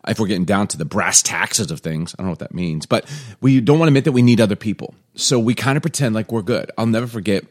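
A man's voice: on the low side, quick pace. A man in his forties co-hosting a casual chat show with his wife, telling stories in a joking, self-deprecating way. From United States. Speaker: podcast co-host.

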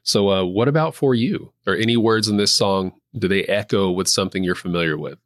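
Low-voiced man hosting a Bible discussion. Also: dry recording, clean studio sound. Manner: measured, reads scripture aloud and asks questions, gentle affirming fillers. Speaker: church host. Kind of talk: casual Bible study discussion.

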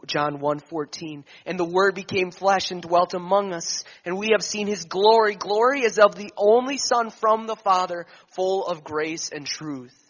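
A man delivers a sermon in a high voice at an unhurried, deliberate pace. He builds lines with emphasis, then lets them fall almost to a whisper. The recording sounds a little dull and muffled. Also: a bit bright. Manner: slow and emphatic, swelling then dropping to near whispers. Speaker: preacher.

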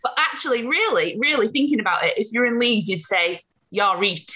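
Bright, cheerful Yorkshire woman. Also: fairly high pitch, animated, fairly quick. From England. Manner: cheerful, laughs easily. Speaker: guest. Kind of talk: casual interview chat.

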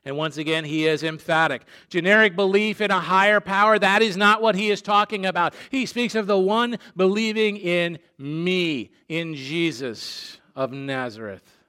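A man preaching a sermon, slow and emphatic, dropping soft and low on key phrases. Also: clean tone. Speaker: pastor.

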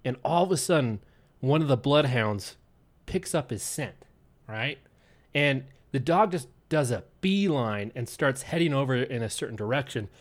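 A man's voice: mid-range voice, moderate pace. A man from Utah hosting a podcast, casually narrating a story. He swears freely and builds suspense. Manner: relaxed, profane, building suspense. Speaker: podcast host.

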